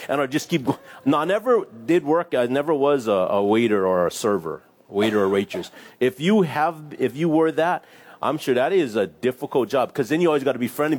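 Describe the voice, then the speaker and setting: A man's voice: fairly high pitch, a little mellow. A man giving a casual, conversational sermon as a pastor, reading scripture and acting out little voices with laughs.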